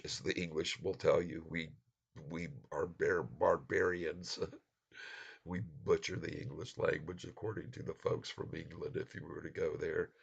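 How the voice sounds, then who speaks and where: An American man hosts a casual live stream, chatting with viewers, laughing a lot, and slipping in bits of French and Spanish. His voice is extremely low and husky with vocal fry, and the sound is lo-fi.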